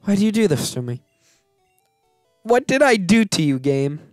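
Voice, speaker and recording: A man's voice: high-pitched, sing-song, moderate pace, a little mellow, dry recording, clean studio sound, faint music behind. A man hosting a game let's play, giving casual commentary that turns into melodramatic grumbling and self-mocking rants.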